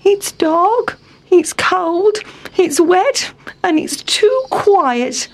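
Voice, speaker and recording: A man's voice: very high voice, lively intonation, drawn-out words, voice pushed up, full character voice. A woman voicing a fussy, complaining male town mouse in a storybook. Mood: whiny. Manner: whiny, complaining.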